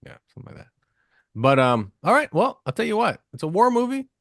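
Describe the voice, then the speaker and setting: Podcast host dude, goofy and rambly, voice bounces all over, dry close sound. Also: male voice, high-pitched, sing-song, brisk, vocal fry, fairly bright tone, dry recording. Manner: joking, loose and rambling. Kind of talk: casual podcast chat.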